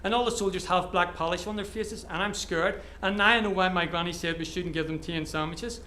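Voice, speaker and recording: A man's voice: high voice, fairly quick, sharp tone, slight background noise. A man reading his own short story aloud at a live event, telling it vividly in the present tense. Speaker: author.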